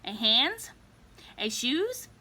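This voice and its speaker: A woman voicing a careful young sister cat with wings in a storybook, fussing like a mother. The tone is bright and slow. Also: sits high, big pitch swings, exaggerated voice. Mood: motherly. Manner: cautious, motherly.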